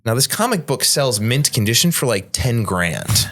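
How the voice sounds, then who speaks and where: A man's voice: mid-range voice, big pitch swings, normal speed, a bit bright. A man, a bartender guest on a podcast, telling a story casually and acting out the people he quotes in raised voices. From Midwest United States.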